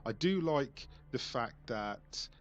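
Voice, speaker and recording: A man's voice: mid-range voice, expressive, takes it slowly, muffled recording. A man giving casual let's play commentary, thinking aloud and reading on-screen text with puzzled asides.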